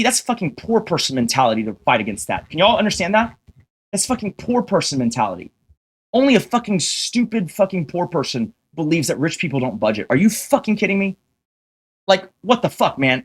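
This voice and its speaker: Brisk and very animated, his voice a little high, this streamer is deep in a furious monologue to his audience. Cursing nonstop, exasperated and ready to fight, he repeatedly challenges viewers with rhetorical questions.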